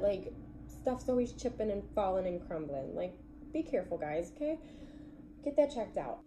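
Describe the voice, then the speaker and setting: A woman recaps a TV episode in a loose, gushing chat, filling her sentences with "like". Her voice sits fairly low and sounds very dark and mellow. A faint hum runs underneath. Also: expressive, moderate pace. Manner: chatty, gushing, heavy use of "like". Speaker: TV recap vlogger.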